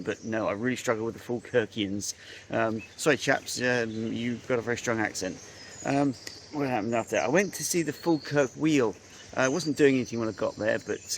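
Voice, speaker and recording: A man's voice: medium pitch, a little hiss or hum. A man on a motorcycle trip chatting casually by phone from a campsite, rambling with lots of ums and uhs. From England. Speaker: motorcycle traveller on a video call. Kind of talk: casual chat. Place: outdoors under a tree at a campsite. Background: faint rural outdoor sounds, insects.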